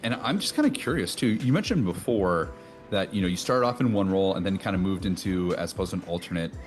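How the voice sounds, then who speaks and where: Low-voiced man from Wisconsin hosting. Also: expressive, fast, faint music behind. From Wisconsin, USA. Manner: long, winding questions. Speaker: podcast co-host. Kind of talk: casual podcast interview.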